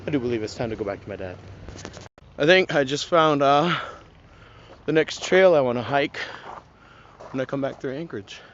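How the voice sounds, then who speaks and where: A man's voice: medium pitch, expressive, normal speed, long pauses, fairly bright tone. Chatty young man vlogging outdoors by traffic. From Alaska. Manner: chatty, awed exclamations while walking. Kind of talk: casual outdoor travel vlog. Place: outdoors at a roadside scenic lookout near traffic. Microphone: phone held by the vlogger. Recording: muffled phone audio with passing traffic.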